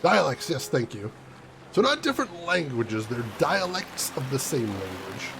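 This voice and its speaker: A man's voice: mid-range voice, very animated, normal speed, creaky. A man from the Chicago area, a game streamer chatting casually with his live viewers and laughing often. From Chicago area, USA. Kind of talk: casual chat with live viewers while gaming. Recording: music playing under the voice.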